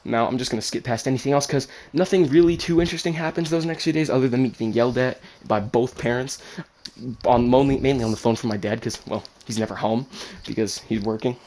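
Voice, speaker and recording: A man casually telling a personal story, animated, swearing freely and acting out the people in it. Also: medium pitch, fast talker, a little hiss or hum. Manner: animated, swears, acts out quotes.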